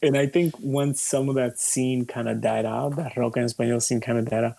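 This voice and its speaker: A musician being interviewed, talking in a loose, rambling way with lots of fillers, swearing and easy laughs. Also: male voice, medium pitch, steady tone, brisk, gravelly, mellow, dry recording. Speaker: musician guest. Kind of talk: casual conversation.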